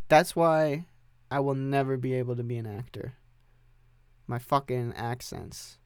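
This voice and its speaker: A man's voice: medium pitch, steady tone, normal speed, smooth, no room sound, studio quality. A young man hosting a solo podcast from his home music setup, rambling in an offhand, profane way. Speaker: podcast host.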